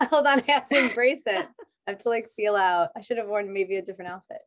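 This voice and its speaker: A woman's voice: mid-range voice, fast, dry recording. A woman in her thirties telling stories in casual chat as a podcast guest, laughing often. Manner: chatty storyteller, laughs often.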